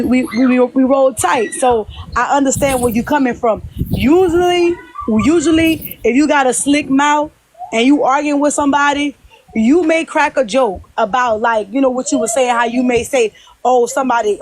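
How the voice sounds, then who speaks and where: A woman's voice: high-pitched, moderate pace. A woman hosting a live-stream discussion, earnest, who often stumbles into restarts as she calls for attention, speaking into a phone.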